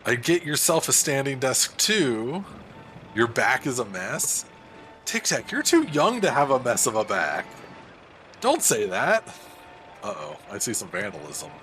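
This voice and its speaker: A man's voice: medium pitch, a little slow, slight background noise. A man streaming a game from his desk at home, chatting casually and answering viewers as he plays. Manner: chatty, reads and answers chat, animated. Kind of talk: casual game livestream chat. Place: home room at a standing desk. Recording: faint music behind the voice.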